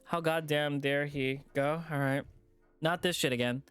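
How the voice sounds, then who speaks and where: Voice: mid-range voice, fairly even intonation, a little slow, smooth, faint music behind, close to an everyday voice. A streamer voicing an angry, defensive young man in a visual novel with a put-on Spanish accent, swearing and snapping. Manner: swearing, shouting. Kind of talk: visual novel read-aloud.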